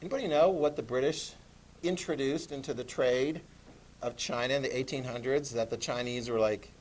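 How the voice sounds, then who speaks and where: A middle-aged man teaching a history lesson to a class, animated, asking questions and acting out voices. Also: medium pitch, normal speed, a little hiss or hum. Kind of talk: classroom lecture.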